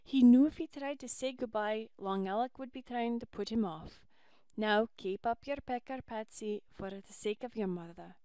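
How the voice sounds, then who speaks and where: A warm old Irish housekeeper, as a woman reader puts her on, full of homely turns of phrase. The voice sits fairly high and smooth for a woman, and the sound is close and dry in a storybook reading. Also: moderate pace, dry recording, lightly acted. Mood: comforting.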